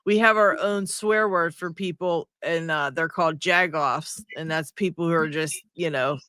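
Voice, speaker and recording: Pittsburgh dude chatting on a live stream, laughs a lot, high voice, dry sound. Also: male voice, normal speed, sharp tone, clean tone, no room sound. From Pittsburgh, USA. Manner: laughs often, rambling. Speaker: livestream co-host. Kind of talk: casual livestream chat.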